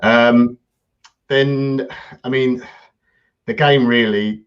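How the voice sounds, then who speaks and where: A man co-hosting a football podcast, talking in a relaxed way with lots of ums and measured opinions. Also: mid-range voice, smooth, highs cut off. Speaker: podcast co-host. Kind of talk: casual football chat.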